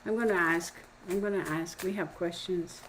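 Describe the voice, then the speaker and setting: A woman's voice: fairly low pitch, fairly even intonation, normal speed, a little hiss or hum, poor audio. A woman hosting a tarot channel, chatting casually and opinionatedly with her viewers, often calling them y'all. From Texas. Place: home room with open window. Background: neighbor's dog barking.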